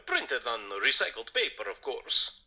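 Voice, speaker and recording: A man's voice: mid-range voice, huge pitch swings, measured pace, pushed and bright, husky, full character voice. An actor voicing a smug male vampire who lectures about the environment in a theatrical manner. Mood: lecturing. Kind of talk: video game voice acting.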